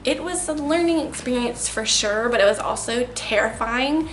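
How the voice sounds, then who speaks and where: A woman's voice: fairly high pitch, expressive, moderate pace, soft background music. A young woman telling a storytime vlog in a chatty, rambling way, peppering her retelling with "like". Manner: chatty, filler-heavy retelling with lots of "like". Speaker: vlogger. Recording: echoey room with faint ambient noise.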